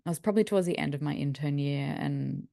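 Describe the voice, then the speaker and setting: A woman speaking as a doctor guest, telling lively stories in casual conversation and laughing often. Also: low voice, fast, vocal fry, dry recording, studio quality. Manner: lively, animated storyteller who laughs often.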